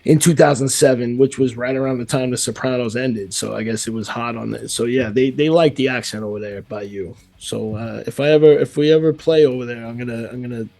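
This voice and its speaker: Gravelly New York man, rambling. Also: medium pitch, fairly quick, few pauses, darkish tone. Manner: rambling, many fillers and restarts. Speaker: metal band vocalist. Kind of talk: casual interview chat.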